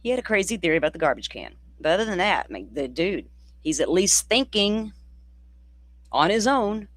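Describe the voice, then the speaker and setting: A true crime host from the Deep South, talking in a loose, rambling livestream chat that is blunt, profane and sardonic. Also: very animated, normal speed, fairly bright tone, dry recording. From Florida, near the Alabama state line. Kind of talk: casual livestream commentary.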